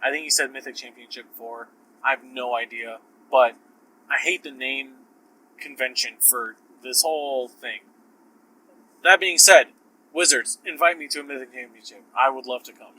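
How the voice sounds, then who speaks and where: A man's voice: mid-range voice, moderate pace, pushed and bright, rough recording. A man hosting a podcast, with a sore throat, talking casually in a rambling, profane, self-interrupting way. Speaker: podcast host. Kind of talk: casual solo podcast talk.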